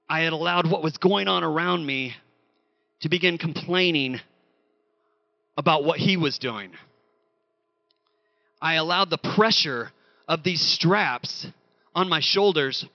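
High, gravelly-voiced man preaching. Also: no room sound, lo-fi sound. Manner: animated storytelling, acts out quoted voices. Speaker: pastor. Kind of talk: sermon.

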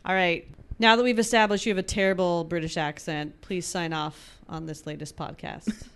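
A woman's voice: fairly low pitch, fairly even intonation, moderate pace, smooth. A woman hosting a podcast in casual chat with coworkers, playful and laughing often. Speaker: podcast host.

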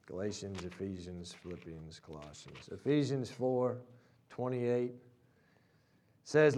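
A man preaching a sermon, telling stories that build loud and high at their peaks. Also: slow pace, long pauses. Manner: storytelling, rising loud and high at climaxes. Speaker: pastor.

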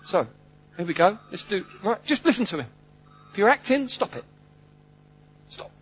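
A man preaching a sermon, animated and humorous, swinging between loud bursts and hushed asides. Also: high-pitched, brisk, breathy edge, dull audio.

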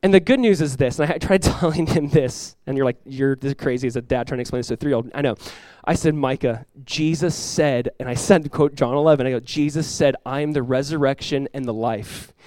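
A man in his thirties, a pastor preaching a sermon and telling a family story with lively, rising emphasis. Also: mid-range voice, brisk, hardly any pauses, no room sound. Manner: animated storytelling, rises loud when acting out his talks with his son.

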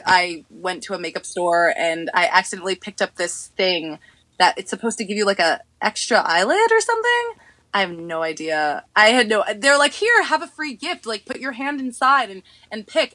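A young woman from New York telling stories in a casual podcast chat, animated and acting out the people she quotes. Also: medium pitch, a little fast, dry recording. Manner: animated storytelling, acting out others in quoted voices, laughing often. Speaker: podcast guest.

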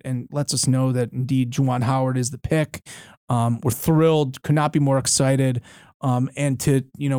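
A man's voice: on the high side, darkish tone, dry recording, studio quality. A man in his thirties, a lawyer and guest, telling a story in a casual interview with frequent restarts and fillers. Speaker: university board chair and lawyer, guest. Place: studio.

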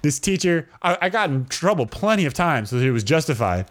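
A man's voice: a little high, very animated, fairly quick. A young man co-hosting a podcast, telling stories casually and acting out quotes in raised voices. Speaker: podcast co-host. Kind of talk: casual storytelling chat.

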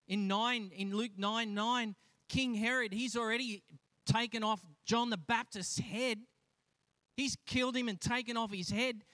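Animated high-voiced pastor preaching. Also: male voice, a little slow, no room sound. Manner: animated, acts out quoted voices, frequent restarts. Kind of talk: sermon.

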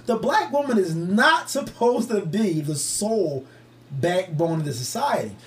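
A man's voice: sits high, measured pace. A young man co-hosting a podcast, telling stories in casual, profane banter and putting on voices for the people he quotes. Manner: animated, profane storytelling with put-on quotes. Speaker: podcast co-host.

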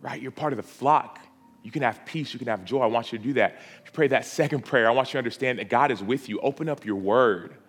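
A man of middle pitch leads an altar call from the front of a church auditorium. He builds his appeal through insistent, pleading repetition. Soft music plays faintly behind him. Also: fast. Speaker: preacher.

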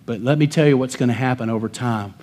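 A male pastor preaching a sermon, swinging between loud emphatic declarations and quiet low asides. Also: quick pace, slight background noise.

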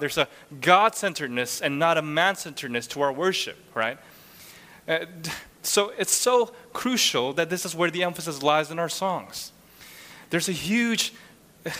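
A man's voice: on the high side, pushed and bright. A man preaching a sermon in an earnest, rhetorical way, often checking in with the listeners. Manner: earnest, rhetorical, frequent "right?" tags. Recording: long hall reverb.

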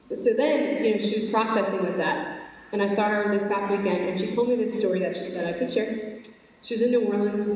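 A young woman speaks at a faith talk, earnest and animated, her speech full of casual fillers. Her voice sits at an ordinary pitch. It rings through a large hall with a long reverb tail, caught from some distance away. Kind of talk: faith talk to a live audience. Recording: echoey hall, voice from far off.

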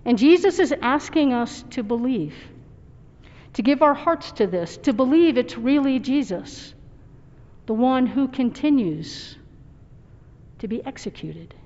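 A woman's voice: high-pitched, animated, measured pace, a little mellow. A woman pastor giving a sermon in an earnest, reflective and personal way. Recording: dull recording with long hall reverb.

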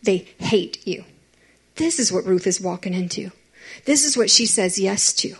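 A young woman, giving a chatty, animated youth sermon and talking straight to teenagers. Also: mid-range voice, moderate pace, breathy edge. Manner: chatty and animated, addressing teens directly.

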